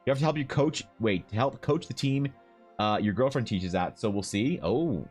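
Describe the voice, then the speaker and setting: A man's voice: expressive, moderate pace, darkish tone, breathy edge, soft background music. A man streaming while he draws, chatting casually and joking with viewers as he reads their messages. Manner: joking, teasing chat with swings in pitch. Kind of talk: casual live-stream chat.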